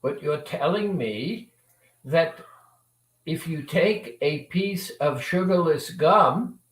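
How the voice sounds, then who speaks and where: Slow, animated man in an echoey room. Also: fairly high pitch, far from the mic. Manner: acts out both sides of a dialogue with lively shifts. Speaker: weight-loss coach. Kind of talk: motivational storytelling talk.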